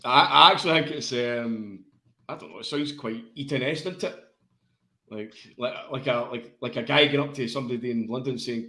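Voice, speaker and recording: A man's voice: mid-range voice, fairly quick, bright, forceful tone. Laughing, sweary Scottish man in an echoey room. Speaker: podcast co-host. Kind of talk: casual football chat.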